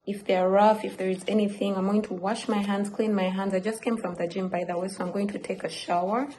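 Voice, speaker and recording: A woman's voice: mid-range voice, level tone, fairly quick, mellow, roomy sound, slight background noise, poor audio. Candid chatty woman vlogging at home. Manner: chatty, candid, swears, jumps between asides. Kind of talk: casual storytime vlog. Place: home apartment.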